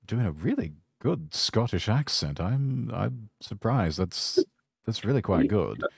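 A man's voice: on the low side, big pitch swings, measured pace, creaky, slightly rough, no echo, clean studio sound. A British man from England hosting a podcast interview, chatting in a casual, encouraging way and often restarting his words. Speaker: podcast host.

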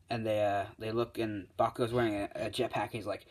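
A man's voice: fairly low pitch, level tone, fast talker, hardly any pauses. A man casually retelling a fan story, rambling with lots of uh's and restarts. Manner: rambling, full of fillers and restarts.

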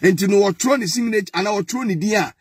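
Husky high-voiced Ghanaian man, mocking. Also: fast talker, no echo, studio quality. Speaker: political commentator. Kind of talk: mocking political commentary.

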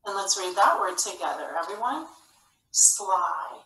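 A woman teacher with a bright tone explains a phonics lesson gently, step by step. She sounds a little way off from the mic in a roomy, echoing space. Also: mid-range voice, expressive, unhurried. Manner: gentle, explanatory classroom delivery. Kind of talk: recorded video lesson. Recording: roomy, somewhat distant.

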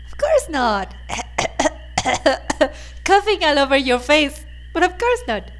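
A woman's voice: high-pitched, sing-song, takes it slowly, fairly bright tone. A woman hosting a let's play, chatting casually and giggling and gushing as she comments on the game. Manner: giggly and gushing, laughs often. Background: faint game music.

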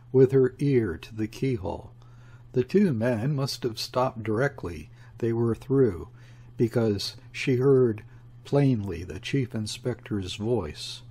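A man narrating a classic novel in a slow, measured audiobook reading. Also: medium pitch, darkish tone, breathy edge.

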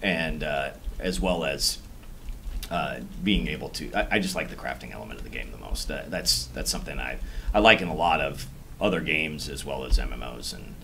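A man with an extremely deep voice, yet bright and forceful in tone. He talks in a laid-back, easygoing way as a guest on a game livestream, over a faint hiss of noise. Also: normal speed, gravelly. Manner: laid-back, laughs easily, says "you know" a lot. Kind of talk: casual livestream interview chat.

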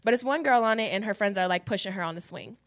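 A woman co-hosting a podcast, telling stories in an animated, profane way. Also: mid-range voice, fast talker, no room sound, clean studio sound. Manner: animated, profane storytelling with acted-out quotes. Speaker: podcast co-host. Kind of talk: casual chat.

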